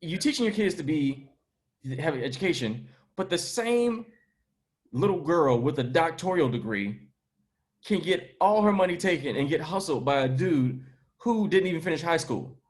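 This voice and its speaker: A man's voice: fairly high pitch, animated, moderate pace. A man who is a comedian and podcast host, making his point in casual conversation with emphatic, slangy delivery.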